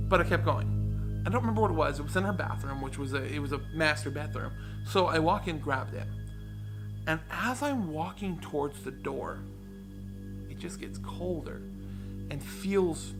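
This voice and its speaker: A man telling a true ghost story in a casual, hushed way, with dramatic pauses. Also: on the high side. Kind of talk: spooky personal storytelling.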